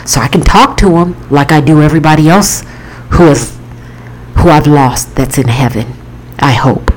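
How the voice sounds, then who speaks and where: A woman's voice: sits low, moderate pace, darkish tone, low-quality recording. A woman author telling an emotional personal story to her viewers, earnest and repetitive as she talks it through. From Florida.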